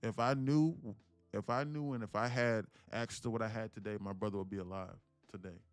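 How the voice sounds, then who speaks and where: This day trading streamer, roughly thirty, has a lowish, clear, resonant voice with fairly even intonation and a fairly quick pace, and there's no echo. Telling his viewers a heartfelt story, he keeps repeating "listen, look," stresses his words, and curses offhandedly. Faint music plays behind the dry, close-miked sound.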